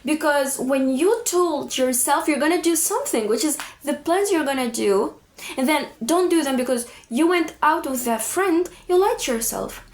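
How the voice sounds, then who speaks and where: A woman's voice: high voice, expressive, moderate pace, roomy sound. A woman vlogger giving direct, emphatic confidence advice straight to her viewers.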